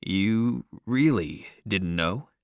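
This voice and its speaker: A man doing a shy, soft-spoken teenage boy. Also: fairly low pitch, expressive, drawn-out words, smooth, no echo, studio quality, voice pushed down. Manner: soft, hesitant, nervous.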